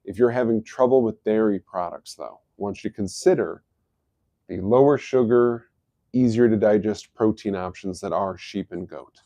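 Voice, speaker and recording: Mellow-voiced man hosting a health stream. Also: fairly low pitch, normal speed, no room sound. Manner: easygoing, explanatory, chuckles at his own jokes. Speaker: host of a health live stream. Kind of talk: casual live-stream talk.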